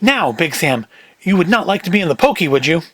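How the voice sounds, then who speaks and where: A man's voice: fairly high pitch, sing-song, a little fast, a bit bright, no echo. A man voicing a small, nervous male gambling fixer from New York in a cold-read of a script; he pleads in a jittery, wordy way. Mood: pleading.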